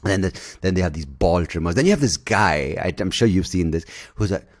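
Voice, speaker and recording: A man's voice: low voice, lively intonation, brisk. Profane, rambling man. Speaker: podcast host. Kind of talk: ranting podcast monologue.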